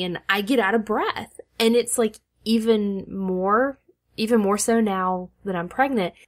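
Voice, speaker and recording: A tired woman co-hosting a casual podcast chat late at night, laughing often and poking fun at herself. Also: medium pitch. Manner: chatty, laughs often, self-deprecating. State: easily out of breath. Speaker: podcast co-host.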